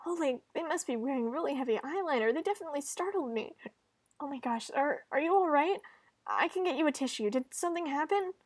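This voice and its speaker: A woman voicing a kind, upbeat student protagonist, talking in a bright, reassuring way. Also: high-pitched, animated, a little fast, dry recording, voice pushed up.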